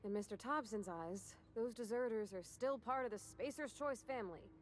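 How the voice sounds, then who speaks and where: An actress voicing a shy, earnest young woman in a video game, talking in a soft, apologetic, rambling way. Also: fairly high pitch, normal speed, slight background noise, natural voice. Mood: reluctant. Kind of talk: video game character dialogue.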